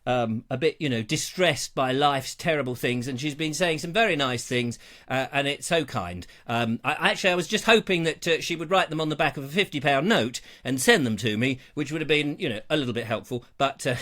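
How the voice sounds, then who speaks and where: A man's voice: fairly high pitch, fairly quick, pushed and bright. A man hosting a live online show, chatting in a playful, jokey, theatrical way. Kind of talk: casual live-stream chat.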